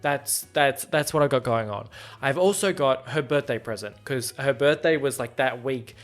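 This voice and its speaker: A man's voice: medium pitch, moderate pace, faint music behind. A young man hosting a podcast, telling a rambling, self-deprecating story in casual chat and acting out both sides of conversations. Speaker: podcast host.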